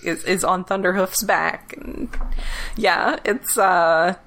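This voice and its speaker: A woman's voice: fairly low pitch, steady tone, slow, a bit bright. A woman co-hosting a podcast, chatting casually and playfully with frequent laughs. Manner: laughs often, playful asides. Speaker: podcast co-host.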